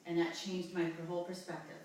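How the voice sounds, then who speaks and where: A woman from New Jersey in her forties, telling a personal story in an interview with halting, rambling speech and many fillers. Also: fairly low pitch, monotone, a little mellow, recorded from a distance, slight background noise. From New Jersey, USA. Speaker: interview guest. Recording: echoey room, voice from off-mic.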